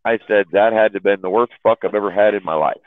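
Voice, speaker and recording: A man's voice: lowish voice, quick pace, no room sound. A man telling a long profane story in casual chat, rambling and laughing at his own jokes. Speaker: chat room host telling stories. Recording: dry, phone-like audio.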